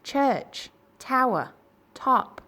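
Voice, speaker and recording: A woman voicing a boy who shouts slowly and loudly in a deep put-on voice. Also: natural voice. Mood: shouting. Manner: slow, loud and clipped.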